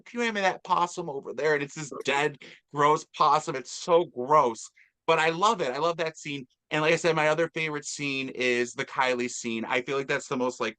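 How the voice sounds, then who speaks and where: Bright-voiced enthusiastic man reviewing a film. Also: mid-range voice, clear, resonant tone. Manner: enthusiastic, rambling with fillers. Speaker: podcast host. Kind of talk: casual movie review chat.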